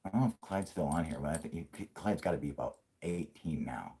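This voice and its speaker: Low-voiced man swearing through a live chat. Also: lively intonation, fast. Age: 30s. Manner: crude, profanity-heavy rambling with frequent laughs; puts on a yelling grumpy old man for jokes. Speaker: live stream host. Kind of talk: casual live-stream chat.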